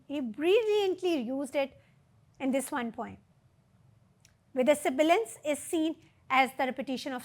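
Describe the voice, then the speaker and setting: A woman giving a literature lecture, explaining poetic devices and reading verse aloud with deliberate emphasis. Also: high voice. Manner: explains terms and asks rhetorical questions.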